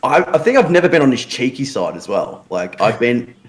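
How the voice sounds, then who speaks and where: A tired man tells joking, crude stories in an easy, casual way. His voice sits at an ordinary middle pitch, and his banter is loose and unhurried. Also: very animated. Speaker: show regular, wrestler. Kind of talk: casual chat.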